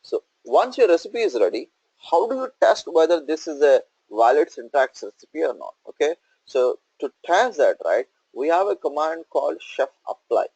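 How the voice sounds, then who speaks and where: A man's voice: on the high side, very animated, moderate pace, darkish tone, husky, no room sound, poor audio. A male instructor walking through a coding tutorial on screen, explaining step by step and checking in with "okay?" and "right?".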